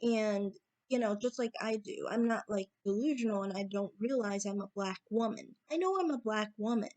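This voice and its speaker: A woman speaking in an assertive opinion monologue to her viewers, repeating points for emphasis, with fillers and short pauses. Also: mid-range voice, a little mellow. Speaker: YouTube commentator.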